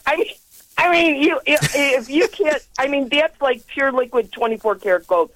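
A woman's voice: high-pitched, normal speed, fairly bright tone, no echo, low-quality recording. A woman in her sixties calling a radio show by phone, talking in an effusive, rambling, fervent way and laughing often. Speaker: caller.

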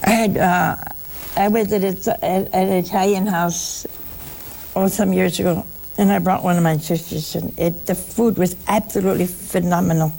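A woman's voice: fairly low pitch, fairly even intonation, moderate pace, gravelly, mellow, slight background noise. A woman giving a spiritual talk to a listening audience, telling stories with humor and acting out the voices of the people she quotes. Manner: folksy, humorous storytelling. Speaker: religious speaker.

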